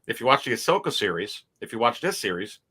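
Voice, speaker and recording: A man's voice: medium pitch, sing-song, fast talker, sharp tone, slightly rough. A man chatting animatedly as a guest on a livestream, repeating words and laughing easily over a video call. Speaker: guest toy collector. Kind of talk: casual chat on a livestream.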